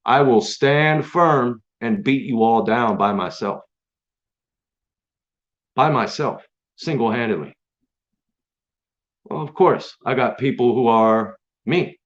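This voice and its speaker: A man hosting his own stream, delivering an angry, profane, confrontational rant straight at his critics. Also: mid-range voice. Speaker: online stream host. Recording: dull lo-fi sound.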